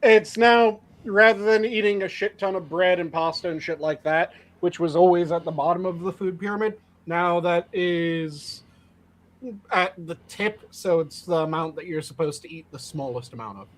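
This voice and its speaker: A man with a high voice explains things at length in relaxed banter. His tone stays wry and talkative. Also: moderate pace. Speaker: podcast co-host. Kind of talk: casual banter.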